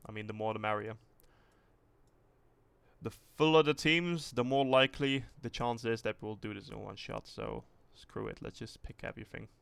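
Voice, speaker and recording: A man streaming a tank game live, thinking aloud in a rambling, relaxed way and swearing casually as he sets up a test with viewers. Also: fairly low pitch, normal speed, gravelly, clear, resonant tone. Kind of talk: casual livestream commentary.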